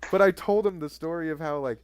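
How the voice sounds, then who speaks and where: A man's voice: on the high side, fast, background noise. A man co-hosting a podcast, casually telling stories and swearing a lot. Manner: swears often, animated retelling of cop stories. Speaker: podcast co-host. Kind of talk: casual chat, storytelling.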